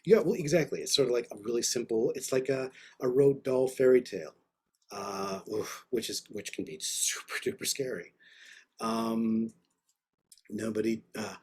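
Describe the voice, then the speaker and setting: A man's voice: mid-range voice, moderate pace, darkish tone, breathy edge. A man teaching an online art class, giving enthusiastic, rambling, slangy feedback over a video call. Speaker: art instructor.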